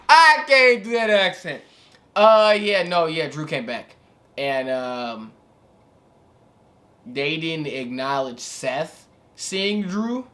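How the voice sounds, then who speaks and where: Slangy, bright-voiced young man vlogging. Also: medium pitch. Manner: laid-back, slangy, rambling with filler asides. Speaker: wrestling reaction vlogger. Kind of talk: casual reaction commentary.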